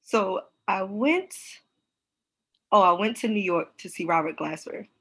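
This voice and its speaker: A woman's voice: mid-range voice, a little slow, fairly bright tone, breathy edge. A woman from Baltimore with a mild Baltimore accent, hosting a casual interview and laughing often. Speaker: podcast host.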